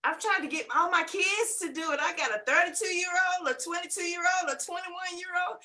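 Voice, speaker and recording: High, bright, exuberant middle-aged woman. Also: steady tone, normal speed. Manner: loud, laughing, preacher-like exclamations. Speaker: webinar testimonial guest. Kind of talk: exuberant testimonial. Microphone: video call.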